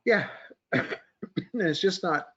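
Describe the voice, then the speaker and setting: A man's voice: high voice, expressive, very slow, a bit bright, breathy edge, lo-fi sound. A man hosting a casual stock-market chat who thinks aloud and keeps asking his co-hosts for input. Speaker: host of a markets podcast. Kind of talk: casual group chat about stock charts.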